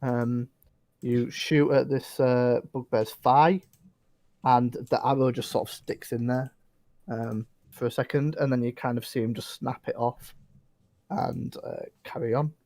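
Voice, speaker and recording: A man narrating as dungeon master in a relaxed, rambling way, full of fillers. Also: mid-range voice, a little slow, gravelly, dry recording. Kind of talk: narrating a tabletop game.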